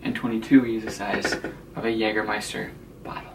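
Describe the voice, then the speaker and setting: A man joking around with his partner in a casual vlog, chiming in with quick offhand remarks. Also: on the low side, little pitch movement. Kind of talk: casual chat. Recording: distant mic with audible noise.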